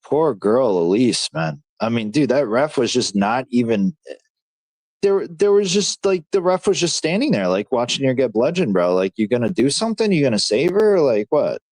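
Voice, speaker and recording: A man hosting a livestream, reacting excitedly to fights as they happen and reading chat in a slangy, casual way. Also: mid-range voice, normal speed, dry recording. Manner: excitable, slangy, talks to chat as dude and bro. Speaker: livestream host.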